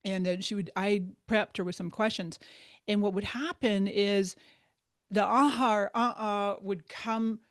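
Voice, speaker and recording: A woman chatting as an interview guest in an animated, warm-hearted way, breaking into laughter often. Her voice sits mid-range and sounds close and dry, with no room around it. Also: mid-range voice, measured pace, dry recording. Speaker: guest speaker. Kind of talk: casual interview talk.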